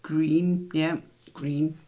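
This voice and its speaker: A man's voice: fairly high pitch, level tone, drawn-out words, highs cut off. A man hosting a casual word quiz, musing aloud over the letters and spelling words out. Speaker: quiz host.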